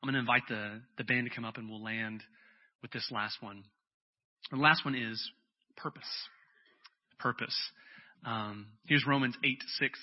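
A man preaching a sermon as a pastor, telling stories in a relaxed conversational way with lots of fillers. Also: medium pitch, moderate pace. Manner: conversational storytelling with frequent fillers. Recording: dull lo-fi sound with faint music.

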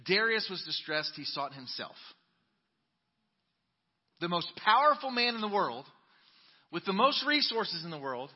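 A male pastor preaching a sermon, reading scripture dramatically and swinging between booming emphasis and soft asides. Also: very animated, a little slow, pauses often, husky, big-room sound, dull audio. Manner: dramatic Bible reading with sudden loud and quiet turns. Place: church sanctuary.

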